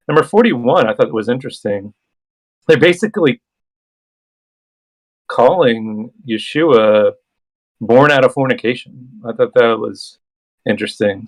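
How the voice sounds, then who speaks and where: Male host for a bible study talk, mid-pitched, reads passages then comments casually. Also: rough recording. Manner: reads verses aloud, then comments conversationally. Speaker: host and scripture reader.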